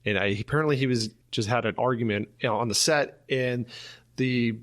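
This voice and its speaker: A man's voice: mid-range voice, brisk, a bit bright. A man guesting on a podcast, talking casually about an old film, often restarting and repeating words.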